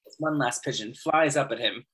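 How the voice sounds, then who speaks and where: A man narrating the stage directions of an amateur audio drama in a steady, matter-of-fact way. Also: medium pitch, a little fast, slight background noise, low-quality recording.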